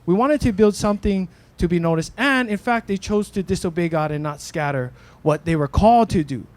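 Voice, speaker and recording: A man's voice: high voice, a little fast, darkish tone. A man, preaching a casual sermon in a church, thinking aloud with restarts and a frequent "right?". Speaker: pastor. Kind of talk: conversational sermon. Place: church in Hawaii.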